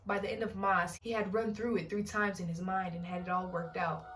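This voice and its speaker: A woman's voice: medium pitch, level tone, fairly quick. A woman reading a novel aloud in a casual way, often breaking off to joke and comment on the story. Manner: reads aloud, breaks off to joke and laugh at the text. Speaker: book reader and channel host. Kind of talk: casual book reading with comedic asides. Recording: distant mic with background music.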